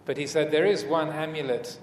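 A man teaching as a Buddhist monk in a dharma talk, speaking hesitantly with many fillers and restarts and gentle humor. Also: a little high, steady tone, brisk. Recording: echoey hall, faint room noise.

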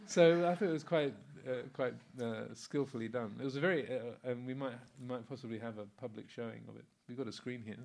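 Relaxed older man giving a Dharma talk. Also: medium pitch, fairly quick, gravelly, hardly any pauses. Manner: relaxed and anecdotal, many fillers, often chuckling. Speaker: Buddhist monk teacher. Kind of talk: informal Dharma talk answering a comment.

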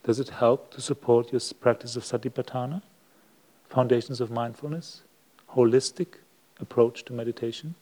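Monk giving a sermon, mellow male voice, slow and reflective with long pauses. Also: mid-range voice, fairly even intonation. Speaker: Buddhist monk giving a Dhamma talk. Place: monastery hall.

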